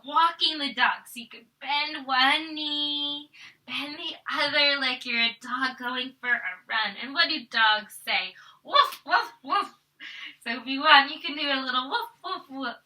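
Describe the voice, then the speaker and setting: A woman's voice: sits high, sharp tone, far from the mic, poor audio. A woman teaching a guided family yoga class, playful and encouraging, counting through each pose aloud. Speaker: yoga instructor.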